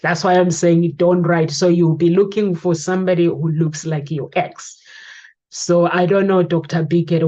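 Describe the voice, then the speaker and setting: A chatty woman host with a low, dark, mellow voice tells stories and gives advice in a relaxed talk-show way. The sound is a little dull and lo-fi. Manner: chatty, storytelling, asks guest questions. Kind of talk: casual advice chat.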